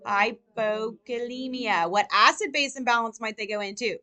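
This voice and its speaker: A woman nursing tutor lecturing a live class, firing rapid questions at her students. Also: fairly high pitch, sharp tone.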